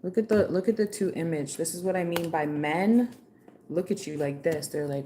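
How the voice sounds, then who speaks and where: Lady doing a live tarot reading, kinda low voice, super casual and slangy, lots of "like", little hiss in the back. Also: normal speed, warm tone. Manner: chatty, slangy and playful, with frequent "like" and "okay". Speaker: tarot reader.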